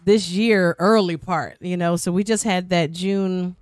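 A woman's voice: on the low side, steady tone, unhurried, no echo. Chatty woman guest host, dry sound. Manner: chatty, rambling storyteller. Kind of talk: casual podcast chat.

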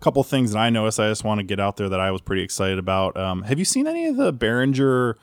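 A man's voice: lowish voice, very animated, fast talker, no echo, studio quality. A man hosting a casual podcast chat, rambling with frequent fillers and restarts. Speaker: podcast host.

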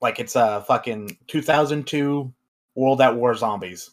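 A man's voice: medium pitch, unhurried. Young man, casual gaming podcast chat, joking, crude, off-the-cuff.

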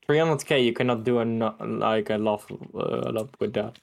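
A man's voice: lowish voice, normal speed, vocal fry. Young man teasing in podcast banter. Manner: teasing, hesitant with many fillers. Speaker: podcast co-host. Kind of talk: casual chat.

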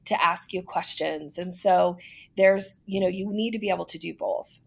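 A woman's voice: on the low side, steady tone, normal speed, vocal fry, slightly rough. A woman guest on a podcast interview, explaining business speaking skills in a confident, instructive way and demonstrating vocal inflections as she goes.

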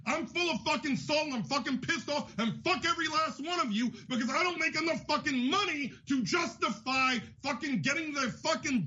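Male podcast host, very high bright voice, angry profane rant, lo-fi sound. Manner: furious, profane, shouting. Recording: dull lo-fi audio.

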